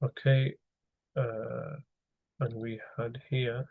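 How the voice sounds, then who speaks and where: Male teacher, mid-pitched, patient slide-by-slide explainer; slightly dull recording. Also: flat delivery, drawn-out words, gravelly. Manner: patient, explains step by step with questions to students. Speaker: Arabic grammar teacher. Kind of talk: online lecture over slides.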